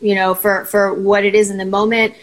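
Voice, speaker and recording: A woman therapist, a guest on a talk show, explaining ideas in a steady teaching tone. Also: medium pitch, brisk, low-quality recording. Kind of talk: conversational explanation.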